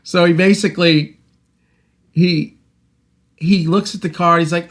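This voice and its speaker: A middle-aged man hosting a talk show, telling a rambling, animated story with restarts and acted-out quotes. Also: high-pitched, a little slow, long pauses. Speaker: host, mixing engineer. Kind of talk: casual storytelling monologue.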